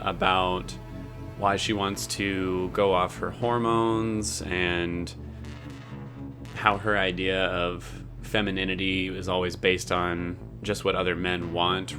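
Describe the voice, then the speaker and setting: A man hosting a casual reaction and review video, emotional and rambling, swearing now and then. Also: low-pitched. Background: show audio playing.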